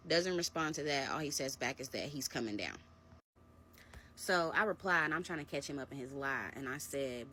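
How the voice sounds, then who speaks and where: A woman's voice: extremely low pitch, moderate pace, slight background noise. A woman telling a personal story in a casual, chatty storytime vlog, talking straight to her viewers. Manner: chatty, animated, addresses viewers as y'all.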